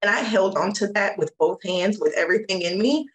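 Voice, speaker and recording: A woman's voice: medium pitch, lively intonation, a little fast, a bit bright, rough recording. Earnest woman recounting hard memories. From USA. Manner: earnest, candid, emotional storytelling. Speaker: guest, advocate. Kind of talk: interview recounting personal experience.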